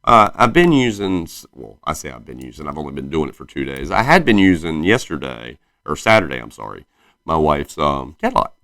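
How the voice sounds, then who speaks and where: Thirties man, light Southern twang, low voice, dry close sound; casual rambling podcast host who self-corrects. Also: big pitch swings, fairly quick, a bit bright, dry recording. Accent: slight Southern US twang. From South Carolina. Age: 30s. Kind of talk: casual solo podcast chat.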